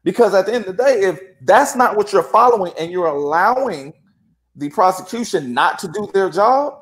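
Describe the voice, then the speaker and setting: Animated man telling a story. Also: high voice, normal speed. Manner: animated, acts out quoted dialogue. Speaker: guest. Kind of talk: casual storytelling.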